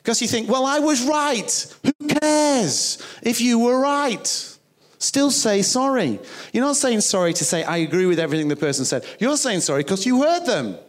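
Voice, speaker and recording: Animated man preaching. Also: high-pitched. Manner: animated, emphatic preaching with quoted asides. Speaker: pastor. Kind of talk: sermon.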